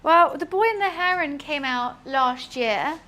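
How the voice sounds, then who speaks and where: A young British woman chatting casually while she cooks on a live stream, answering chat in a deadpan way. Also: sits high, measured pace. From United Kingdom.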